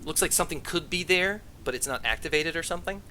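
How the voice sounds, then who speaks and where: A man's voice: on the high side, fast talker, sharp tone. A man narrating as game master of a tabletop game, in a loose, hedging way.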